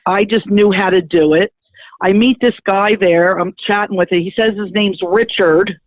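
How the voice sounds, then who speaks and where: A middle-aged woman, a spiritual medium and guest, telling her story in a lively, chatty way and acting out the conversations in it. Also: mid-range voice, normal speed. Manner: lively, chatty, acts out the dialogue in her stories. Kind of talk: animated personal storytelling. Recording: thin phone-like dry sound.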